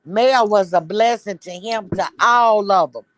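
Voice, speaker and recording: A woman joins a casual online chat over a video call. She rants bluntly and with sass, piling up one complaint after another. Her voice sits at an everyday middle pitch. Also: measured pace, no room sound. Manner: blunt, sassy, ranting commentary. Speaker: guest.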